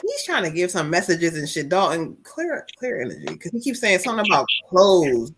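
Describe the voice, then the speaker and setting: A woman's voice: fairly low pitch, very animated, fairly quick, slight background noise. A woman medium giving spirit readings on a live stream, emotional and profane. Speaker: psychic medium.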